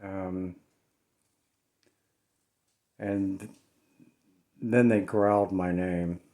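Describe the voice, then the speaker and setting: Uneasy man with a lowish voice. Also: fairly even intonation, extremely slow, darkish tone. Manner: hesitant, many fillers, uneasy. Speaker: paranormal vlogger. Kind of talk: casual vlog commentary. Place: his home, indoors.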